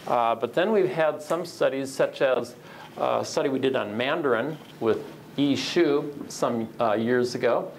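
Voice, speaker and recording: Male lecturer, gravelly voice, measured and explanatory, faint noise under the recording. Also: medium pitch, rough recording. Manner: measured, explanatory, frequent "uh" fillers. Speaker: researcher giving a lecture. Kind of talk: academic lecture with slides.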